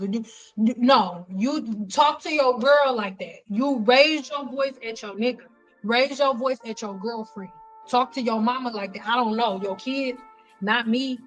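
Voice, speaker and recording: Blunt, animated woman with a high voice. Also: unhurried, soft background music. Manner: blunt, profane, animated storytelling. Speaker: livestream host. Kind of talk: casual unscripted livestream chat.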